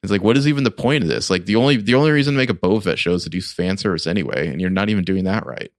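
Forties guy, deep voice, rambly podcast chat w lots of likes, dry sound. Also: racing, no echo. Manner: rambling, filler-heavy fan critique. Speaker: podcast co-host. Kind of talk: casual chat.

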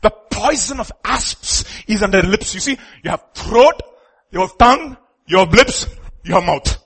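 A man's voice: high voice, animated, normal speed, a bit bright, husky. A man preaching a sermon to his congregation, with emphatic outbursts. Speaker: pastor.

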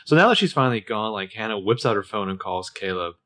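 A man's voice: on the low side, animated, quick pace, bright, forceful tone. A man co-hosting a podcast, chatting casually as he recaps a TV episode and acts out bits of dialogue. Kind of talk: casual chat.

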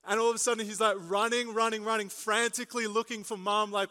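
A young man preaching a sermon, telling a lively story with jokes and asides before turning to his main point. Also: high voice, quick pace, few pauses, clean tone. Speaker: pastor. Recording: long reverb of a large hall.

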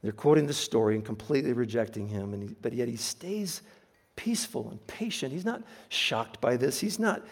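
A man preaching a sermon, earnest and emphatic, slowing down to stress key phrases. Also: medium pitch, animated, slightly rough.

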